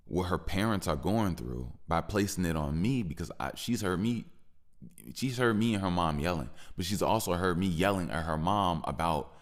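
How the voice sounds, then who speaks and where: A man with a deep voice, hosting a podcast and venting frustrated in a personal monologue, repeating himself and growing heated at times. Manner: frustrated, repetitive, rising into heated stretches. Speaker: podcast host.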